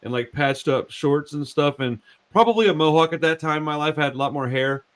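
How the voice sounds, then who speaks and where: A man in his forties hosting a podcast, talking in a relaxed way, often saying dude and bro and repeating words as he tells animated stories. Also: on the high side, fairly quick. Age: 40s. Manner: laid-back, says dude and bro a lot, repeats words; animated storyteller. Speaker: podcast host. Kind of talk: casual chat.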